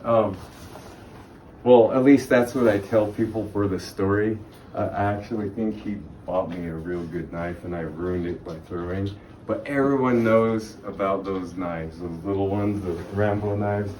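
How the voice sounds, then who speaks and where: A man's voice: fairly low pitch, unhurried, darkish tone. A middle-aged man telling rambling stories with laughs and acted-out quotes as a guest speaker in a library. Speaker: guest speaker on native arts. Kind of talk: casual storytelling talk. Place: library room. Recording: echoey room, distant mic, background noise.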